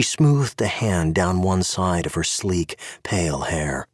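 A man narrating an audio drama in a measured, expressive way. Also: low-pitched, no echo, studio quality.

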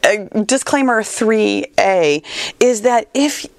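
A woman hosts her own podcast, speaking close to the mic in a dry, deadened space. She sounds near tears, talks in halting, repeated starts and lets small laughs slip through. Her pitch sits in a middle range for a woman. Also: expressive, vocal fry, dry recording. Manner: emotional, tearful, laughs often, repeats words while searching for them. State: on the verge of tears. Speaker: podcast host and fitness trainer. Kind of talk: personal podcast monologue.

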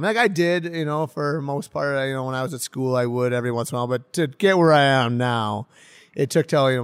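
A young man, a professional hockey player, chatting casually in an interview, excitable and rambling, laughing often. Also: mid-range voice, clean tone, dry recording. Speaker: pro hockey player guest.

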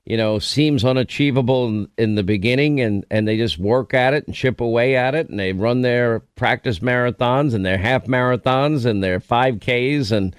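A middle-aged man hosting talk radio in casual on-air banter. He teases and jokes at an ordinary pitch. His voice sounds dry and close, from a studio microphone. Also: moderate pace, few pauses, clear, resonant tone, dry recording. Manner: teasing, joking. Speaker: radio talk show host.

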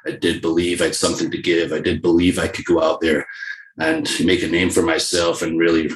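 Scottish man, deep voice, animated storyteller, interview guest, roomy echo. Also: a little fast. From Scotland. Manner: animated, laughs often, lively storytelling. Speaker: guest, professional wrestler. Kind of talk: casual interview talk.

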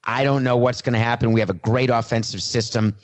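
A blunt star quarterback in his forties holds a mock press conference and says exactly what he feels, as a man puts him on in his own plain voice. The delivery is conversational, with a middle-pitched male voice. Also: fairly even intonation, brisk, close to an everyday voice. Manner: plain own voice, no attempt at an impression.

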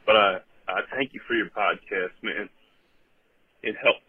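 A young man calling in, halting and heartfelt, close to tears as he talks about hard times. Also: fairly low pitch, husky, no echo. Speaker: caller. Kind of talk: emotional call-in. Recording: tinny phone line.

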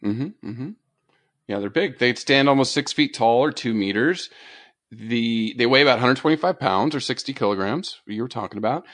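A man co-hosting a casual animal podcast, telling stories with animated delivery and frequent laughter. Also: medium pitch, moderate pace, dry recording. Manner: animated storytelling, laughs often. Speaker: podcast co-host. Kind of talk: casual chat.

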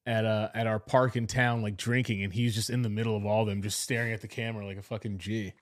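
A man co-hosting a casual podcast chat, rambling through his stories and trailing off quieter at the end of his thoughts. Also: lowish voice, little pitch movement, fast, no echo, studio quality. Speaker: podcast co-host.

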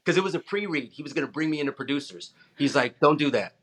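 A man, an actor, chatting in an interview and telling animated anecdotes, acting out the voices of people in them and laughing often. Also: on the high side, fast talker. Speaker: actor guest. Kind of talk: casual interview storytelling.

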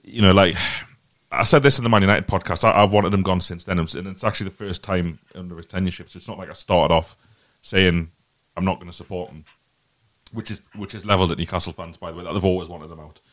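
A man's voice: low-pitched, fairly even intonation, quick pace, a bit bright, no echo. A man hosting a football podcast, giving his earnest opinion in a rambling way and often repeating his words. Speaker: podcast host. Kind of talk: casual football podcast chat.

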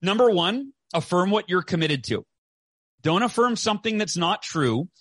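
A man's voice: high-pitched, lively intonation, a bit bright, slightly rough, no echo. A man talking in an emphatic motivational way during a conversation, who often tags his points with "right?". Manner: emphatic, repeats "right?" often, quick bursts.

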